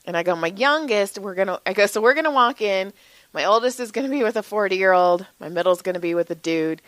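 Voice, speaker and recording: Animated woman telling stories, dry sound. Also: medium pitch, quick pace, no echo. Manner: animated storyteller acting out quotes, swears. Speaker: podcast co-host, massage therapist. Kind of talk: casual chat, storytelling.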